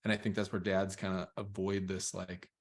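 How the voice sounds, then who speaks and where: A man in his thirties, a father telling a parenting story in casual chat, rambling and relaxed with lots of fillers. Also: low voice, normal speed.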